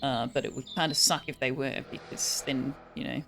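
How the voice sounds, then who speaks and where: A woman's voice: extremely low pitch, fairly even intonation, moderate pace, vocal fry, fairly bright tone. An Australian woman streaming a game, chatting casually with viewers and musing aloud with easy laughs. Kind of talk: casual gameplay chat with viewers. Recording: faint background music.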